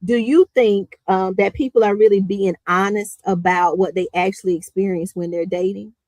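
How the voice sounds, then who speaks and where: A woman's voice: medium pitch, steady tone, normal speed, darkish tone, no room sound, low-quality recording. A woman hosting a podcast, talking in an upbeat, chatty way. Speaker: podcast host. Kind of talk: casual podcast chat.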